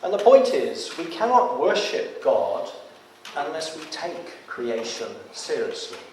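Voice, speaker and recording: A man's voice: on the high side, big pitch swings, slow pace, recorded from a distance, slight background noise. Man preaching in an echoey church. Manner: rises to loud emphatic reading of scripture. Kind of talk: sermon.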